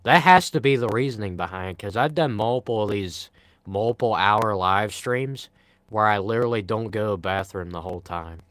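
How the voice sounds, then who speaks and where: A man's voice: on the low side, brisk, a bit bright, no echo. A young man from Pennsylvania with a Pennsylvania accent, rambling casually on a live stream and reading the chat aloud. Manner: rambling, self-deprecating, reads chat aloud.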